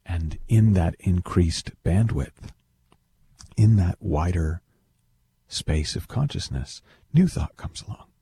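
A man telling a story in a relaxed, animated way, often repeating words as he thinks aloud. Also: low-pitched, takes it slowly, pauses often, slightly rough. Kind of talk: casual storytelling talk.

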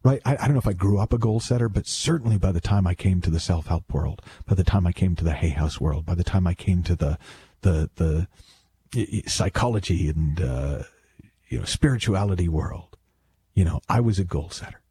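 A man's voice: sits low, fairly quick, mellow, husky. A man talking as a self-help speaker in a casual, reflective monologue, rambling and wry with many self-corrections.

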